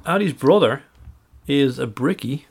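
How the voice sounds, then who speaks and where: A man's voice: mid-range voice, lively intonation, a little slow, vocal fry, husky. A man co-hosting a podcast, chatty and storytelling with dry humor. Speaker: podcast co-host. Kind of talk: casual chat.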